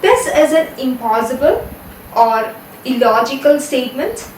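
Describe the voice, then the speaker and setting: In a recorded literature lecture, a woman with an Indian English accent explains things steadily at a measured pace, correcting herself now and then. Her voice is high-pitched and expressive, with a little hiss or hum. She sounds distant in an echoey room with faint ambience.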